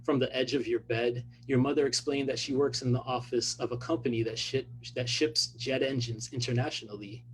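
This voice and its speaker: A man, an author, reading his own fiction aloud in a measured, even delivery. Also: mid-range voice, slight background noise, low-quality recording.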